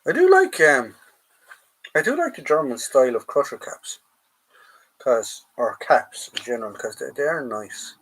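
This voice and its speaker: An Irish man with a mid-range, husky, fairly bright voice hosts a live collectibles stream from his home in Ireland, rummaging through a drawer. He is very animated and speaks at a moderate pace, rambling casually and calling his viewers lads. The recording quality is low.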